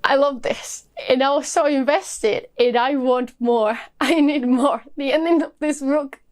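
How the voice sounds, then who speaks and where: A woman with a slightly high voice talks through her favorite books in a casual vlog. She gushes with enthusiasm and scatters "like" and "uh" all through her sentences. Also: steady tone, a little slow, darkish tone. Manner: gushing, enthusiastic, many fillers like "like". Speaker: book reviewer. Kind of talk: casual book review vlog.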